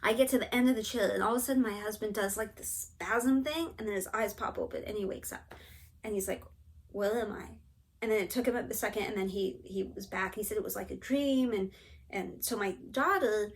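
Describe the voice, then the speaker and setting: A middle-aged woman chatting casually to camera, telling a long story in a lively way and acting out the people in it. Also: medium pitch, brisk. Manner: chatty, animated storytelling with quoted asides. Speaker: cross-stitch vlogger.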